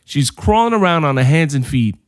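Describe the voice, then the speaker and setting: A man co-hosting a podcast in casual chat, an animated storyteller who swears freely. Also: fairly high pitch, a little fast, dry recording, studio quality. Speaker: podcast co-host.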